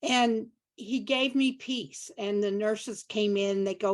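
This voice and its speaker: A woman's voice: mid-range voice, steady tone, unhurried, few pauses. A woman in an online Q&A over a video call, telling a personal story in an enthusiastic, devout way and acting out what people said. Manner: enthusiastic, devout, acts out quoted dialogue. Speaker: audience member.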